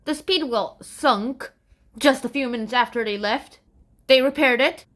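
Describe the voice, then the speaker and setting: A woman's voice: high voice, measured pace. A woman giving a playful, casual history lesson, joking and adding sound effects. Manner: animated, jokey, adds sound effects. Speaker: history explainer.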